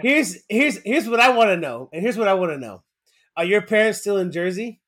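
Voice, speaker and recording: A man co-hosting a casual chat, teasing his friends with quick jokes and laughing a lot. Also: sits high, animated, fairly bright tone. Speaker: podcast co-host.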